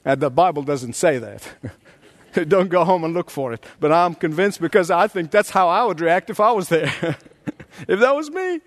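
A middle-aged man preaching a sermon, acting out the scenes he tells with big jumps in voice. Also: moderate pace. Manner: animated preaching, acts out scenes with big pitch leaps. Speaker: pastor. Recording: long hall reverb.

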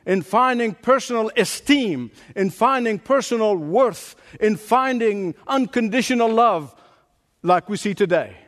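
A man's voice: high voice, big-room sound. A man preaching a sermon as pastor in a large church, emphatic and repetitive, swinging his delivery up and down for effect.

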